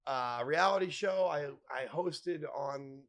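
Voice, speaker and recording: A man telling wild stories as a podcast guest, animated and profane, acting out other people's lines. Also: fairly high pitch, slow pace. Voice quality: animated, profane, acts out quoted voices. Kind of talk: casual storytelling.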